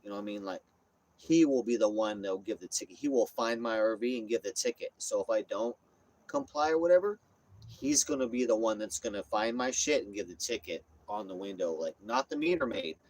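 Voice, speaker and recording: A man's voice: lowish voice, expressive, a little fast, darkish tone. Rambling, foul-mouthed man streaming. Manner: rambling, repetitive, swears freely. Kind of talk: casual rambling livestream chat. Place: inside a parked RV. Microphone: phone.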